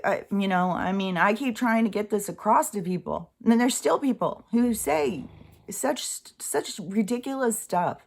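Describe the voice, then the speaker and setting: Middle-aged woman, vlog rant, rambling, swearing, sighing, emotional. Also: mid-range voice. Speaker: vlogger.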